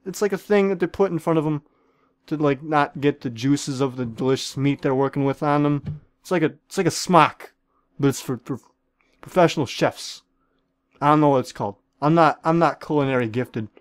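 A man with a fairly high voice rattles off excitable, profane commentary over a game. He talks straight to the other players and keeps up a goofy celebrity-chef bit. The recording is dry, with no room sound. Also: normal speed, no room sound. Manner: jokingly plays a celebrity chef. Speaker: gaming video creator.

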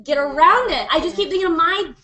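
A woman's voice: very high voice, fast talker, pushed and bright. A young woman co-hosting a casual chat with friends, frank and chatty.

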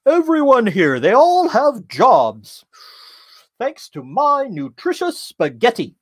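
A man voicing a laid-back male programmer in an imitated Bulgarian accent, drawn-out and calmly proud. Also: very high-pitched, pitched above the performer's own voice, full character voice.

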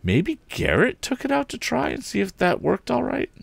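A man reading a storybook aloud, voicing an earnest young male inventor in a raised, excited voice. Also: normal speed, creaky, no echo. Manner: excited, pitched well above the reader's own voice.

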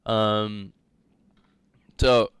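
A man's voice: lowish voice, flat delivery, extremely slow, a bit bright, smooth, no echo. A young man teaching a live coding lecture, rambling and joking, laughing often. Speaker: coding instructor.

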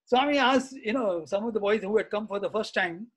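High-voiced man telling old stories. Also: a little fast, poor audio. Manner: reminiscing, chatty, frequent "you see" and "uh". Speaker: interview guest. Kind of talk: anecdotal storytelling in conversation.

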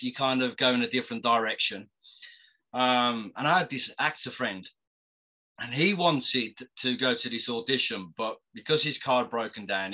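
An actor guest with a mid-range, pushed and bright voice tells stories casually, laughing often and stumbling into restarts. The audio sounds dull.

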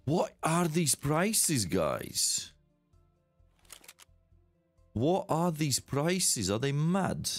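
A man's voice: a little high, sing-song, very slow, long pauses, faint music behind. A man, chatting casually with viewers while streaming a shooter game, exclaiming and laughing. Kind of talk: casual live-stream gaming chat.

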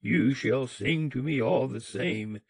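A man playing a cruel, greedy old man who speaks harshly and gives orders, loud and slow. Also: medium pitch, very animated, vocal fry, breathy edge, no room sound, full character voice. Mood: harsh demanding. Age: older. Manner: harsh, commanding.

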